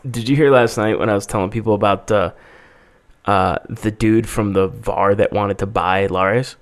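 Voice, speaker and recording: A man's voice: lowish voice, fairly even intonation, moderate pace. A man in casual chat, telling a long bar story, acting out quotes and swearing freely.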